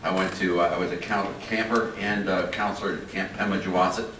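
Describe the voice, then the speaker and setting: A man's voice: low voice, fairly even intonation, fairly quick. An older man giving a folksy, chuckling talk as a guest speaker. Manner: chuckling, storytelling. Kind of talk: folksy anecdotal speech. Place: lecture hall. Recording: roomy hall from far off, faint noise.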